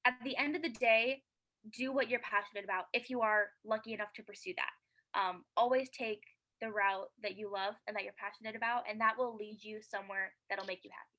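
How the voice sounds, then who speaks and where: A woman's voice: medium pitch, steady tone, fairly quick, sharp tone, low-quality recording. A woman guest in a casual interview, talking eagerly and earnestly with lots of fillers. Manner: eager and chatty, many fillers; earnest and heartfelt.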